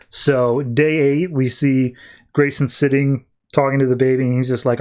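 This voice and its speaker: Guy on a comics podcast retelling a comic's plot, reads the character lines kinda low-key. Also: little pitch movement, moderate pace, darkish tone. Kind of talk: casual recap of a comic issue.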